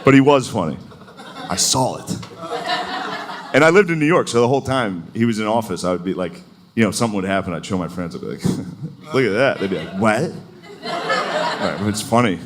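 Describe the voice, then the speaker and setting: A man's voice: on the low side, animated, brisk, pauses often, a crowd in the background. A male stand-up comedian doing a loose, conversational set on stage. He often laughs at his own jokes. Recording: noisy live comedy show.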